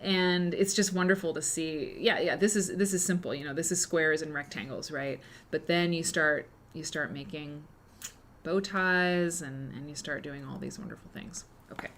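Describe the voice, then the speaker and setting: An enthusiastic woman in her thirties chats through a live quilting show, her voice sitting a little low. She reads passages aloud, breaks off into asides, and now and then drops to a soft whisper. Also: normal speed, slight background noise. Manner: chatty and enthusiastic, many fillers and restarts. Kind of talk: casual live-stream chat and reading aloud.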